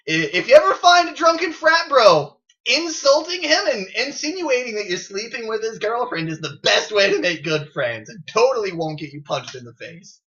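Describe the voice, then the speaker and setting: Animated sarcastic man telling a story. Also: high voice, lo-fi sound. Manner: animated and sarcastic, swears freely. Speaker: gaming video creator. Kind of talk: unscripted casual storytelling. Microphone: built-in camera mic.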